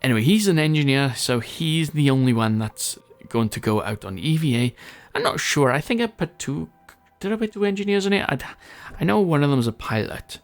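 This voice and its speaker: A man's voice: a little high, expressive, fairly quick, faint music behind. Rambling, chatty man narrating gameplay. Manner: rambling, chatty and self-mocking, often loses his thread. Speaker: gameplay commentator. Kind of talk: casual gameplay commentary.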